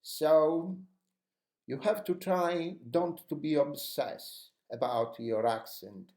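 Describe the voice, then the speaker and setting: A man's voice: fairly high pitch, slow, darkish tone, reverberant. A man teaching how to speak English with energy, giving encouraging advice in an instructional lesson. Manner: encouraging, coaching tone.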